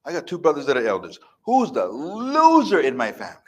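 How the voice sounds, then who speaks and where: A man's voice: on the high side, huge pitch swings, brisk, a bit bright. A man in his fifties giving a motivational speech as a life coach before a live audience, emphatic, repetitive and defiant. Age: 50s.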